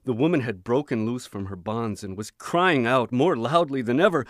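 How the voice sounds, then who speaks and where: A man reading a book chapter aloud in a measured, expressive audiobook narration. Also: medium pitch, no echo. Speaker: audiobook reader.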